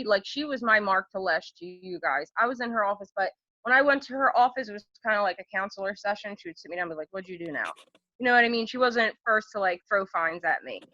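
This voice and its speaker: Young woman podcast guest, bright, animated storyteller, dull lo-fi audio. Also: mid-range voice, no room sound. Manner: candid, animated storyteller with many fillers. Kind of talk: casual storytelling chat.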